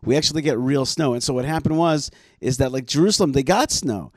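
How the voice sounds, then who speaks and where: Guy hosting a chatty talk show, mid pitch, dry close mic, keeps restarting his sentences. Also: fast, no echo. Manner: chatty, with frequent restarts and fillers. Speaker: show host. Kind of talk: casual co-hosted radio chat.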